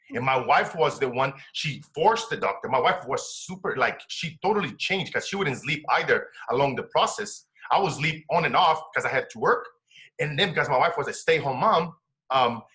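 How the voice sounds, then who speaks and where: A man's voice: a little high, sharp tone. A middle-aged man from Brazil with a Brazilian Portuguese accent, a success coach telling a personal story in earnest, broken English.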